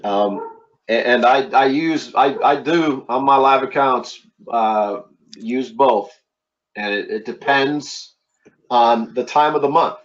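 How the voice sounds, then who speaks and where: A middle-aged man from Philadelphia hosting a casual trading webinar, talking in a halting way with many repeated words and fillers. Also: mid-range voice. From East Coast of the United States, Philadelphia. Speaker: webinar host and trading instructor. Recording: dull lo-fi online audio.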